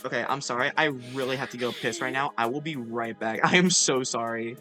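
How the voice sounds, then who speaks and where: Brief: casual streamer reacting to a game, bright voice, playful and self-deprecating. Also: medium pitch, brisk, soft background music. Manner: joking, self-mocking, swears freely.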